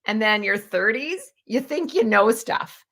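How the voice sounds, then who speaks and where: A woman's voice: fairly high pitch, measured pace. Chatty woman around fifty telling stories. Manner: chatty, animated, lots of "like" and "you know". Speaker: storytelling vlogger. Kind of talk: casual storytelling monologue.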